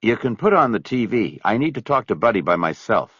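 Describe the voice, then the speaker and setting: A curt, forceful middle-aged man with a low, husky voice and lively ups and downs, as a male narrator plays him. The audiobook recording sounds dry and slightly dull. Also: fairly quick, no room sound, exaggerated voice. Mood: tense. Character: angry, clipped middle-aged man holding back rage.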